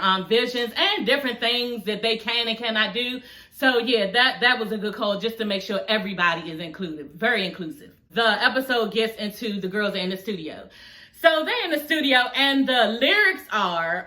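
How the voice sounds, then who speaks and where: A woman's voice: mid-range voice, sharp tone, reverberant, poor audio. A woman from Washington, D.C. giving a sassy, chatty recap of a reality show, calling her viewers honey and girl. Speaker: YouTube reality TV reviewer. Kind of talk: casual recap chat to camera.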